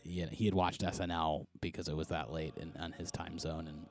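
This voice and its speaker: A man's voice: a bass voice, little pitch movement, a little fast. A man hosting a podcast, chatting loosely and rambling with lots of fillers and restarts. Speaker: podcast host. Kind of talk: casual podcast chat.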